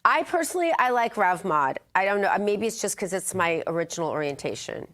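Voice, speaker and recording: A woman's voice: medium pitch, sing-song, brisk, a bit bright. A woman co-hosting a morning news show, chatting casually and reading health news in an upbeat, chatty way from a studio. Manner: chatty, upbeat, laughs easily. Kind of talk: casual chat and read health news segment.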